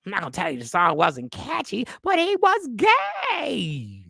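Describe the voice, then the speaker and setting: A man's voice: very high voice, wildly swooping pitch, unhurried, vocal fry, pushed and bright, slightly rough, no echo, clean studio sound, exaggerated voice. A man voicing a bigoted Texan bar regular with an exaggerated put-on Southern drawl. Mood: ranting.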